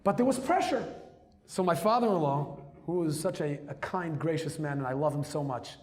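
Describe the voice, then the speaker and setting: A man telling a personal story as a rabbi, lively and emphatic, dropping Hebrew and Yiddish terms into his English. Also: on the high side, moderate pace. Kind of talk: storytelling talk.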